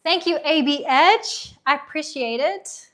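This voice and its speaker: A woman in her thirties, casually chatting on a live unboxing stream, reading viewer comments aloud with nostalgic enthusiasm, her voice getting a little hoarse. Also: high voice, unhurried, a bit bright. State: losing her voice. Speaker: livestream host.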